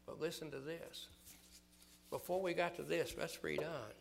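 An older man from the American South preaching a fervent sermon, building loud through scripture and dropping low and quiet for personal stories. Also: moderate pace, gravelly, pauses often.

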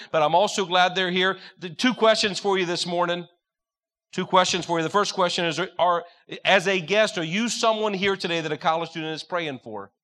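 Earnest high-voiced male preacher. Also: sharp tone. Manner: earnest, direct, tells personal stories. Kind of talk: sermon.

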